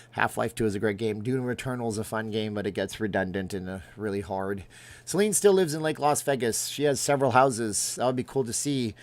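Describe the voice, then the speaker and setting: Rambling middle-aged man chatting on a livestream. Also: medium pitch. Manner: rambling, jokey, reacts aloud to viewer comments. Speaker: livestream host reading chat. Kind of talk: casual livestream chat.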